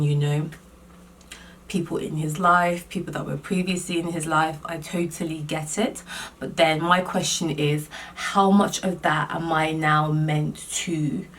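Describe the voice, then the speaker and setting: Animated woman telling a dating story. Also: sits low, far from the mic, a little hiss or hum. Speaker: vlogger. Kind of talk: casual storytime chat.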